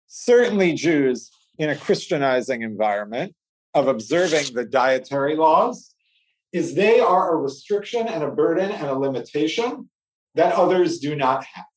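Animated male teacher walking a class through a text; lively delivery, roomy distant sound. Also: a little high. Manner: animated, acts out the story, asks "right?" often. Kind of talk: text study lecture. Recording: roomy echo, speaker away from mic.

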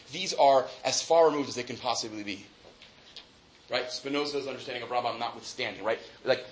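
A man's voice: mid-range voice, fairly bright tone, a little hiss or hum. A man giving an academic lecture to a class. He thinks aloud, often restarts his sentences and checks in with tag questions. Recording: echoey room with faint ambience.

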